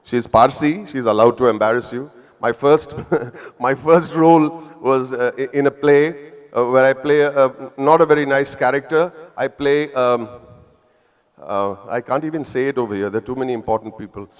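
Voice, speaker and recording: A man in his fifties with an Indian English accent speaks at a mid pitch, chatty and self-deprecating as he tells stories to a live audience. His voice carries a long reverb from a big event hall. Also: moderate pace, smooth. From Mumbai, India. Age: 50s. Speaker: actor speaking at an evening event. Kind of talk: humorous storytelling to a live audience.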